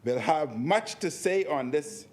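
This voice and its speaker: A man giving a speech in parliament, forceful and repeating phrases for emphasis. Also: a little high, animated, slow pace. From Bahamas. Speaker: member of parliament. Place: parliament chamber.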